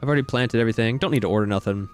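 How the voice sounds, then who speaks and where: A man's voice: medium pitch, racing, faint music behind. A man casually commenting on a game while he plays, rambling and searching for his words. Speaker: gameplay commentator. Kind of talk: casual let's-play commentary.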